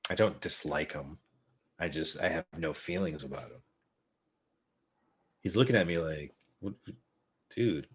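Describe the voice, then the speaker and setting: A man hosting a talk show tells loose, rambling comic stories with casual swearing and self-mockery. His voice is deep and low. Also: normal speed, pauses often, husky. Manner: rambling, profane, self-mocking. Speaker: podcast host. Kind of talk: casual comedic storytelling.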